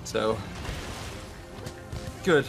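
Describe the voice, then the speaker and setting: A man chatting casually while co-playing a game, relaxed, explaining and teasing. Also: drawn-out words. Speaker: co-player. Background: game music.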